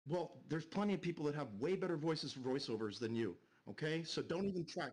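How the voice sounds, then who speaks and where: A man's voice: a little high, lively intonation, fairly quick, a little mellow, breathy edge. A man ranting on a live stream, angry and profane, repeating himself. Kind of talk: heated live-stream rant.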